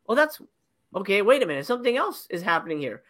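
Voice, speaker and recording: A woman's voice: medium pitch, very animated, fast, fairly bright tone. A woman co-hosting a casual podcast, ranting about a movie's ending in an exasperated, profane way and mocking scenes in put-on voices. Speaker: podcast co-host reviewing a movie.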